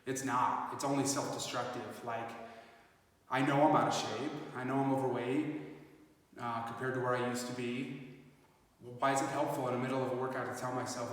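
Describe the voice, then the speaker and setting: A man's voice: medium pitch, fairly even intonation, a little fast, slight background noise. A man in a casual fitness vlog, talking reflectively with many fillers, recorded on a phone set up some distance away. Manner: rambling, reflective, lots of fillers. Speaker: fitness vlogger. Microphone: phone camera set up at a distance. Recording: echoey, roomy, from far off phone.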